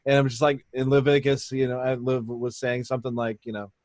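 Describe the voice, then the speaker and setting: A man playing a tabletop game, relaxed and easygoing, describing his character's actions. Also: mid-range voice, fast talker. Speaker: player.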